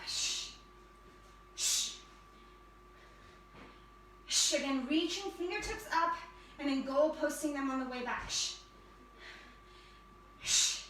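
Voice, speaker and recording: Bright, upbeat woman in echoey studio. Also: high voice, a little hiss or hum. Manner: upbeat, encouraging, counts down reps. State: slightly out of breath. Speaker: fitness and yoga instructor. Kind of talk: energetic fitness class cueing. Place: yoga studio. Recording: echoey room from a distance.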